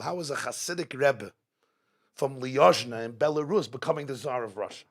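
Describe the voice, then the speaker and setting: A man of medium pitch, speaking at normal speed, is the guest speaker at a religious gathering held live in an event hall. He gives a dramatic inspirational address that repeatedly poses rhetorical questions to the audience.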